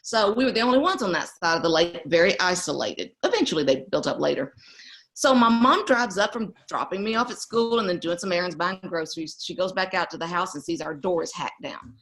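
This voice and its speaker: A middle-aged woman tells a family story in a casual interview. Her voice sits a little low for a woman. She is an animated storyteller who laughs often. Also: fairly quick. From East Texas. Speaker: guest.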